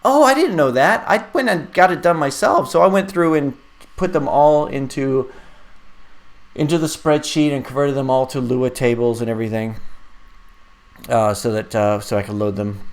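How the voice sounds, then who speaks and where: Guy in his 40s rambling on a live stream, laughing here and there, reading chat questions out loud. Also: medium pitch. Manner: rambling, chatty, laughs often, reads viewer questions aloud. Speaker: live stream host and app developer.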